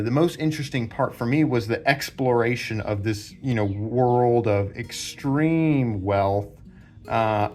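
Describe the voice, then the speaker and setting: A man's voice: medium pitch, darkish tone. A man hosting a book channel, casually explaining story structure while drawing diagrams, rambling with many fillers and restarts. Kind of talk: casual explanatory talk at a whiteboard.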